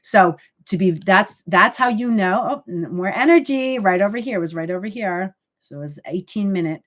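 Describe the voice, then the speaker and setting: A woman's voice: mid-range voice, animated, normal speed, a bit bright. A middle-aged woman, a psychic medium, talking casually and earnestly on a live stream, with many fillers and sudden emotional lifts.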